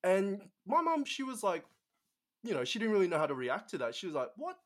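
A man's voice: sits high, very animated, brisk, fairly bright tone. A young man from Australia with an Australian accent, telling a story as a guest in casual conversation, chatty with many fillers.

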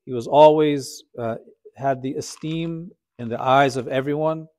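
A man's voice: medium pitch, unhurried, a little mellow. A man teaching Islamic history as a conversational storytelling lecture, often asking his listeners rhetorical questions.

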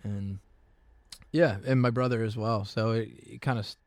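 A man chatting easily as a musician guest, telling stories with lots of fillers and quick laughs. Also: on the low side, fairly even intonation, darkish tone, no room sound. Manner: easygoing, laughs often, many fillers and restarts. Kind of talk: casual interview chat.

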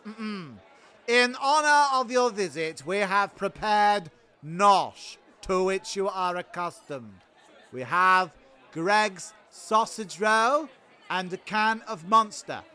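A man's voice: sits high, expressive, takes it slowly, sharp tone, clear, resonant tone, heavily acted. A man voicing a brash, overfamiliar Roman commander in a comedy sketch, joking his way through. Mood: cheeky.

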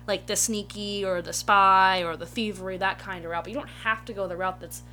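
A woman in casual chat about a tabletop game she plays, talking in quick restarts. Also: medium pitch, steady tone, pushed and bright, soft background music. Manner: chatty, self-correcting restarts. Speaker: player.

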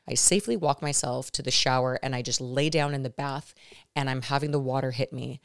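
A woman in her thirties with a low, deep-set voice hosts a podcast. She retells a frightening experience in an animated, emphatic monologue, stumbling over restarts and calling out to her listeners. The sound is dry and close, with no room around it. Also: dry recording. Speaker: podcast host. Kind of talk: storytelling monologue to viewers.

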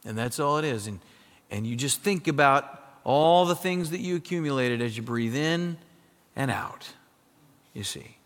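A pastor from South Dakota delivering a sermon, emphatic and swinging between loud passages and hushed ones. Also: male voice, fairly high pitch, expressive, normal speed, big-room sound.

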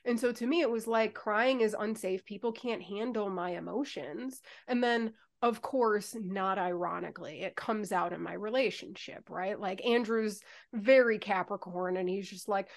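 A woman co-hosting a podcast, talking candidly in casual chat and telling stories with lively energy and some swearing. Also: mid-range voice, moderate pace. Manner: candid, swears freely, animated storytelling. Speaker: podcast co-host.

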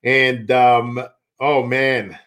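A man's voice: medium pitch, steady tone, very slow, a bit bright. A man hosting a casual chat, talking in a hyped, preachy, exclamatory way. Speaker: host.

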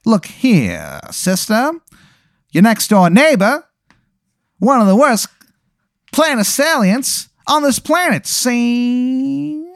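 A man's voice: very high-pitched, big pitch swings, slow pace, vocal fry, pauses often, dry recording, pitched above the performer's own voice, heavily acted. A pushy old-time cactus gumshoe, done by a man, with a voice pushed far above the performer's own and clipped gangster patter. The recording is dry and close. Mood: tough. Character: male cactus private eye, 1920s gangster talk.

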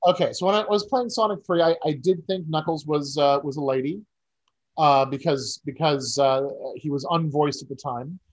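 A man co-hosting a podcast in loose, casual conversation. His voice sits a little higher than usual. He rambles and restarts his sentences, with a dry, wry humor. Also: moderate pace, low-quality recording. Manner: rambling, self-interrupting, wry. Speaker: podcast co-host.

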